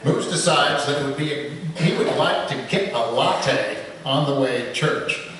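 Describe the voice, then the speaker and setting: A man's voice: mid-range voice, unhurried, a bit bright, a little hiss or hum. A man from Michigan, a guest preacher telling jokes and stories in a sermon in a church sanctuary. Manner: joking, storytelling. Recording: echoey hall, distant mic.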